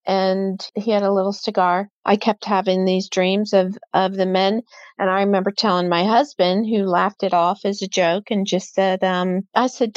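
A woman's voice: medium pitch, little pitch movement, moderate pace, no echo, highs cut off. Give me a middle-aged woman telling her story. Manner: vivid storyteller who acts out quoted voices. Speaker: guest. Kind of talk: personal storytelling in an interview.

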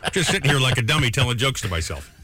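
A man hosting a radio morning show, telling jokes with animated energy and making station announcements. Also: medium pitch, slightly rough. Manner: animated joke-teller, laughs at himself. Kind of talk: casual radio banter and announcements. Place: radio studio. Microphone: studio microphone.

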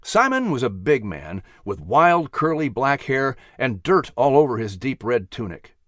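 A man narrating a storybook in an expressive, animated way. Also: mid-range voice, a little slow, no room sound, clean studio sound.

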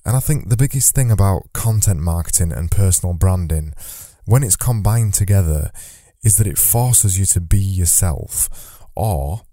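A man's voice: low voice, expressive, moderate pace, mellow, no echo, studio quality. A man hosting a solo podcast, talking into a microphone from notes in a loose, conversational way, repeating phrases as he thinks aloud. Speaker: podcast host. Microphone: studio microphone.

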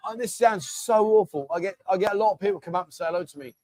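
A man's voice: high voice, rapid-fire, darkish tone, dry recording, soft background music. A middle-aged man hosting a casual livestream, chatting and reading out viewer comments in a matey way. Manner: chatty and matey, often calls people mate. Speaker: livestream host.

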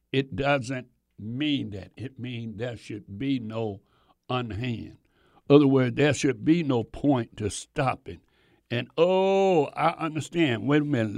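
Animated gravelly preacher man, slow delivery. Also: medium pitch, no room sound, studio quality. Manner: folksy, animated, halting reading with restarts. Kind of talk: sermon with scripture reading.

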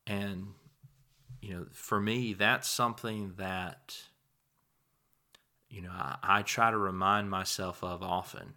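A man's voice: low-pitched, steady tone, slow, pauses often, pushed and bright. A man preaching a sermon, earnest and emphatic, swelling in volume on key words and dropping into conversational asides. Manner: emphatic, rises and falls in volume for stress.

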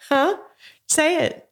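An older woman hosting a casual podcast interview, gently coaxing answers with leading questions from a studio. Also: high voice, extremely slow. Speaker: podcast host. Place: home studio.

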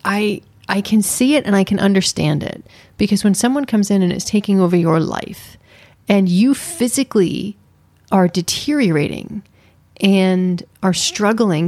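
A woman's voice: mid-range voice, darkish tone, dry recording. A woman co-hosting a podcast, chatting casually and with playful insistence as she reviews a series. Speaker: podcast co-host.

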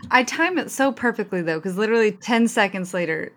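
A woman co-hosting a casual movie podcast, chatting in a playful, lively way. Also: medium pitch, a little fast, crowd noise. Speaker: podcast co-host. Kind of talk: casual movie-discussion chat.

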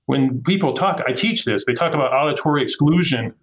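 A middle-aged police officer from Utah, telling a story vividly in a candid interview and acting out the quotes. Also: male voice, medium pitch, animated, a little fast, rough recording. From Utah, USA. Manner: vivid, acts out quotes from the scene.

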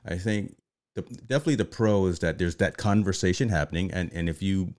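A man hosting a casual live-streamed chat show, animated and often repeating words as he starts a sentence. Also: deep voice, brisk. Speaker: show host.

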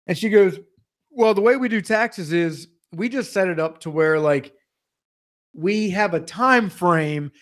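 A man's voice: high-pitched, unhurried. A young man telling a comedic story as a podcast co-host, ranting profanely. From Pennsylvania.

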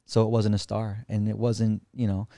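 A man on a podcast as a guest, telling a story in an animated, excitable, casual way, full of slang and swearing. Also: lowish voice, moderate pace, dry recording, studio quality.

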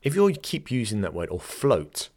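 A man's voice: on the low side, wildly swooping pitch, moderate pace, a little mellow. A young man hosting a podcast and teaching yoga, talking casually, often restarting his sentences and laughing easily. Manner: chatty, self-correcting, laughs easily.

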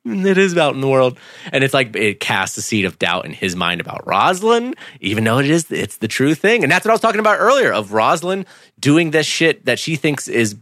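A man in an easygoing podcast chat about a show, his voice swinging widely in pitch as he gets animated. His tone is bright and forward, and the sound is dry and close. He laughs often and slips into quick impressions of characters. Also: dry recording. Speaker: podcast co-host. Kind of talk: casual TV episode discussion.

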